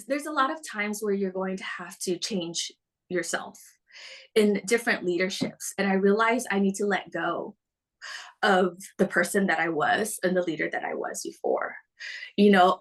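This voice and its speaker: A woman speaking as a team leader in an earnest, motivational way, slowing down to stress her points. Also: medium pitch, a bit bright, poor audio. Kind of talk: motivational talk.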